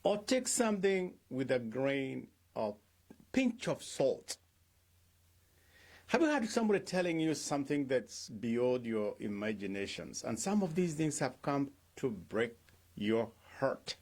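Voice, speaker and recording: Middle-aged man, pastor, slow and deliberate delivery, very expressive pitch, questions his listeners and acts out quotes. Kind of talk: devotional talk.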